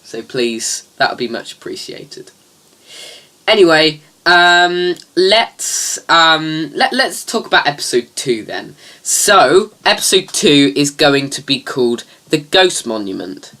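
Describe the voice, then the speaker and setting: Bright-voiced chatty man hosting. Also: fairly high pitch, big pitch swings, takes it slowly. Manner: chatty and upbeat, lots of fillers. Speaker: host of a fan review show. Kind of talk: casual review vlog.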